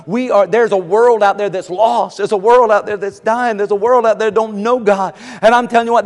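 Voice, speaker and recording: A man preaching a sermon, his delivery fervent and repetitive, building up to shouts. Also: high voice. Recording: long echo of a large hall.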